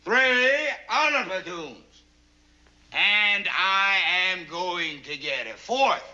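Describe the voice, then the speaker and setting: An actor playing a stern, sarcastic Marine drill sergeant who barks orders and counts cadence, in a 1960s sitcom. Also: male voice, high-pitched, animated, extremely slow, bright, forceful tone, heavily acted. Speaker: drill instructor. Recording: dull old TV soundtrack.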